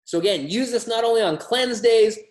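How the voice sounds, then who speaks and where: A man giving a motivational training talk on wellness products, energetic and emphatic with a humorous streak. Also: very high voice, fairly quick. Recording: roomy echo.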